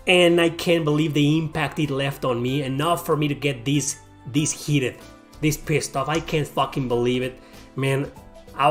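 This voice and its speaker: A man hosting his own channel, ranting heatedly and profanely to camera, often repeating himself. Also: on the high side. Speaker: YouTube host.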